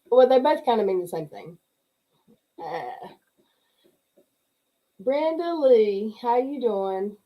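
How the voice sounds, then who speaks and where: A middle-aged woman with a drawl and a mellow, relaxed voice chats loosely through a livestream. She laughs often and greets each viewer by name as the comments scroll past. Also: a little high, slow, pauses often, poor audio. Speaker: livestream host. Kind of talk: casual chat reading live comments.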